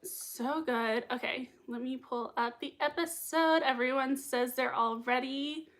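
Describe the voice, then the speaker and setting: Bubbly high-voiced young woman. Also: a little slow, a bit bright. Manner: bubbly and giggly, reading chat comments aloud. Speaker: livestream host reacting to a TV episode. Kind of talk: casual livestream chat. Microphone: desk mic with earbuds.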